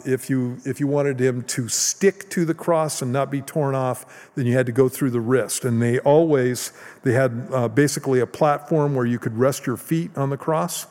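Pastor, male, mid-pitched, conversational sermon with emphatic swells, reverberant church hall. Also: steady tone, normal speed, few pauses, a little mellow. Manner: conversational preaching with restarts, rising for emphasis.

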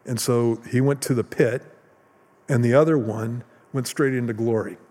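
A man's voice: mid-range voice, steady tone, normal speed, darkish tone. Man preaching in an echoing hall. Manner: conversational preaching with restarts, rising for emphasis. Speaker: pastor. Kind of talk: sermon. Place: church hall. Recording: long hall reverb.

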